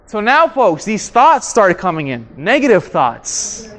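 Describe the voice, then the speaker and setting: Leading a communication workshop for an audience in a training room, a male trainer asks the room questions and repeats his key ideas. His voice is high and fairly bright, its pitch swooping wildly, at a measured pace.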